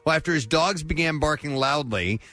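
A man's voice: fairly high pitch, a little fast, sharp tone. A man hosting a radio morning show, reading odd news stories aloud and laughing often as he goes.

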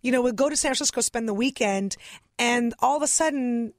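Russian-born woman comic, slightly high voice, dry studio sound, animated storyteller. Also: a little fast, dry recording. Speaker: guest comedian. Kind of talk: casual interview chat.

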